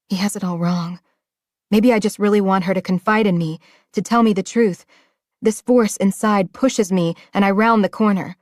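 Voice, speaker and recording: Woman, mid-pitched, dry close read, emotional romance audiobook narration. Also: steady tone, normal speed, darkish tone, no echo.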